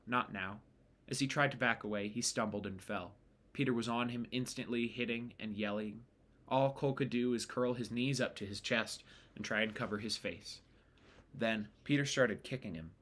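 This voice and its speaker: A man reading a novel chapter aloud in a steady, unhurried storytelling way. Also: medium pitch. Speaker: audiobook reader.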